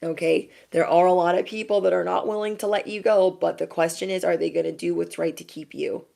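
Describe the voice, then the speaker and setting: Low-voiced woman giving a chatty tarot reading. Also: fairly even intonation, fairly quick, vocal fry, dark tone. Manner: chatty, reassuring, frequent "okay?" and laughs. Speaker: tarot reader. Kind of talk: casual tarot reading to viewers.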